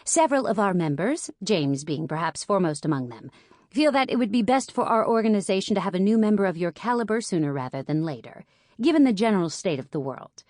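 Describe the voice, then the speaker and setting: A woman's voice: mid-range voice, animated, fast talker, a little mellow, no echo, studio quality, voice pushed up, natural voice. A woman reading an audiobook, voicing a poised woman mentor who answers briefly, politely and vaguely.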